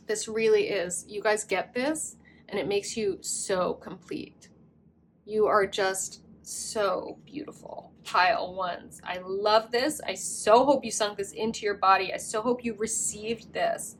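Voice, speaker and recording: A woman's voice: mid-range voice, steady tone, a little slow, a little hiss or hum. A woman reading tarot cards to camera in a gushing, effusive way, full of fillers and affirmations. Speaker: tarot reader.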